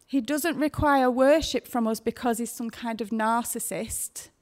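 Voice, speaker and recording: A woman giving a gentle, emotional devotional talk, speaking tenderly about faith. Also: on the high side, unhurried. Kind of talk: devotional sermon.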